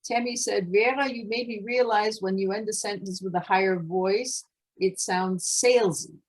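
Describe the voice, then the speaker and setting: A middle-aged American woman moderates an online forum panel over a video call, friendly and chatty, laughing between her remarks. Her medium-pitched voice moves at normal speed, though the audio is poor.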